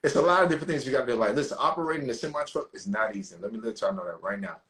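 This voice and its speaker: A man telling a story on a podcast in a casual, animated way, swearing freely and acting out the people he quotes. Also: medium pitch, rapid-fire. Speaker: podcast co-host.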